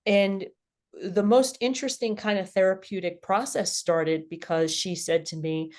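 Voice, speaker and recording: A woman's voice: medium pitch, moderate pace. A middle-aged woman, a podcast guest, telling her personal story candidly and with animation. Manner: candid, animated, laughs at herself.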